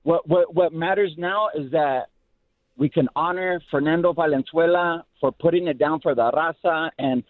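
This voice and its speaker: A man's voice: on the high side, normal speed, no echo. A middle-aged man from Los Angeles calling a radio show, speaking in a heartfelt, rambling way and repeating himself. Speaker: caller. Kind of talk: emotional phone call to radio show. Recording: phone line.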